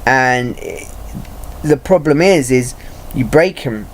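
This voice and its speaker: A man talking in a personal vlog, halting and searching for words, restarting often and swearing freely. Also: medium pitch, animated, slight background noise. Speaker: vlogger.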